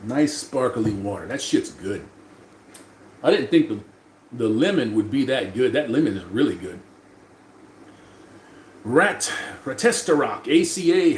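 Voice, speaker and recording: A man's voice: fairly high pitch, lively intonation, normal speed, pauses often. A man hosting a casual livestream, reading chat messages aloud and talking back to them loosely, with plenty of swearing. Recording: roomy echo, faint room noise.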